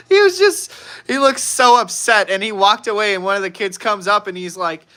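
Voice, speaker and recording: A man's voice: high voice, lively intonation, moderate pace, pushed and bright. A young man from Chicago with a Chicago accent, hosting a live sales stream and telling rambling stories with frequent laughs. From Chicago, United States. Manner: chatty, laughs often, rambling with restarts. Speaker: live stream seller, host. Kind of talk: casual storytelling on a live stream.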